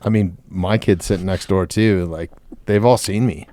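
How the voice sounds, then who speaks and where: A man's voice: low-pitched, fairly even intonation, moderate pace, warm tone, no room sound. A man hosting a podcast, chatting in a laid-back way and calling his guest dude. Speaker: podcast host. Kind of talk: casual podcast chat.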